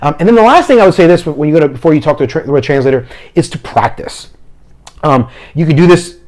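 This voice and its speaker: A man who talks fast, giving practical teaching advice to camera and acting out short examples as he goes. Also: on the high side, expressive, a little mellow. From Philadelphia, family from Puerto Rico. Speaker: mission trip leader and preacher. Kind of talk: instructional talk to camera.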